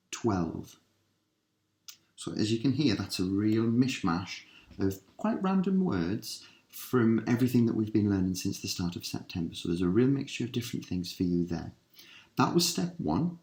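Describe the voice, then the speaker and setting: A male teacher talks through a recorded listening exercise, spacing each word out with patient care. His voice sits a little low and moves at a very unhurried pace. The room around him gives a noticeable echo. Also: a little mellow. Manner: slow, clearly spaced word drills with patient instructions.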